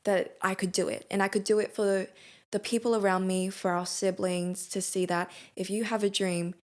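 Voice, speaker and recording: A woman's voice: medium pitch, level tone, moderate pace, a little mellow. A young woman, a podcast guest, talking earnestly and reflectively in a casual late-night conversation. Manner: earnest, reflective, laughs often.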